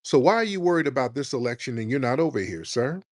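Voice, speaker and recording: A man's voice: medium pitch, animated, fast talker, darkish tone, no room sound. Combative mocking male host. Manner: mocking, combative, repeats insults. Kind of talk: heated call-in argument.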